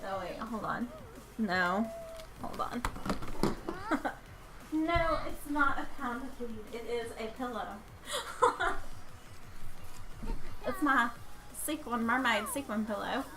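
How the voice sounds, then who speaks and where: A woman with a North Georgia Southern accent chats with her viewers as she plays. Her voice sits a little high, and she keeps breaking into giggles as she jokes along. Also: lively intonation, takes it slowly, pauses often, noisy background. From North Georgia, USA. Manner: giggly, chatty, jokey. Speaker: live streamer. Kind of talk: casual live-stream chat while playing.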